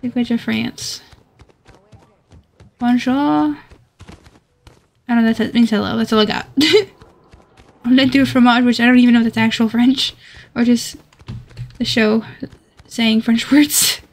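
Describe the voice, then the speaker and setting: A woman's voice: on the high side, steady tone, unhurried. A woman streaming a shooter game, chatting to herself in a rambling, giggly way. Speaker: gamer streaming solo play. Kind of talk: casual gaming commentary.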